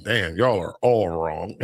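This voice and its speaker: Male streamer; low, dry voice; chats laid-back with viewers, teasing and laughing. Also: gravelly, no echo. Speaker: livestream host. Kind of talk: casual livestream chat, reading comments aloud.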